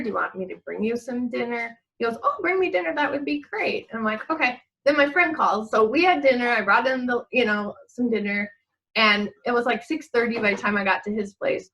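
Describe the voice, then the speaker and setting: A woman's voice: medium pitch, pushed and bright, low-quality recording. A middle-aged woman, a guest in a casual chat, telling a rambling story, laughing often and acting out what people said.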